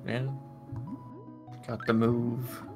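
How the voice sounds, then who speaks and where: A man's voice: mid-range voice, completely flat delivery, very slow, over music. A man co-commentating a game stream with dry, laid-back remarks. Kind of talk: casual gaming commentary.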